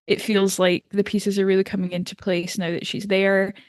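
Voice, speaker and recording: A woman's voice: medium pitch, flat delivery, normal speed, no echo, studio quality. Chatty woman recapping a TV episode. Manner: enthusiastic, laughs often, acts out quotes. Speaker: podcast co-host. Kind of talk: casual TV recap chat.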